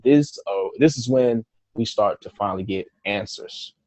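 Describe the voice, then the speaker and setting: A man guest on a podcast, telling a story in a casual, animated way, swearing freely and acting out his own reactions. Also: lowish voice, moderate pace, dry recording.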